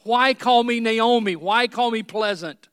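A man's voice: very high-pitched, measured pace, fairly bright tone, clear, resonant tone, dry recording, studio quality, big-room sound, pitched above the performer's own voice. A man voicing a grieving, bitter older woman who sounds choked up and laments her losses over and over. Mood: accusing.

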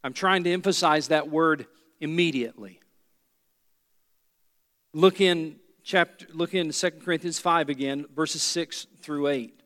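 A man's voice: a little high, unhurried, fairly bright tone, big-room sound. A pastor preaching a sermon, a man who drives points home by repeating key phrases.

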